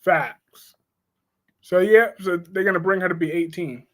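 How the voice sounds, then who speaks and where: High-voiced man ranting on a live stream. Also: unhurried. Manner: blunt, chatty, reads out viewer comments. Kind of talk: casual live-stream soap opera commentary.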